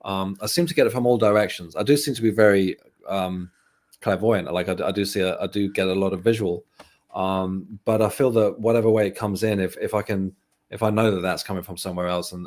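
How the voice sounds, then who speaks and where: Man as a guest, reflective and candid, voice sitting a little low. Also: fairly even intonation, fast talker, a little mellow. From England. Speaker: guest medium. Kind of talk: casual interview chat.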